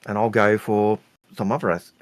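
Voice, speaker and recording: A man co-hosting a casual gaming chat, measured in manner. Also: on the low side, flat delivery, no room sound. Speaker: co-host.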